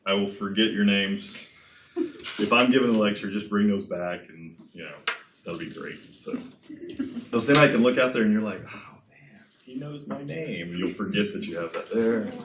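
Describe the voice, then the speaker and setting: A man's voice: on the low side, moderate pace, noisy background. A man giving a casual classroom lecture, chatty and digressive, often checking in with his students. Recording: echoey classroom.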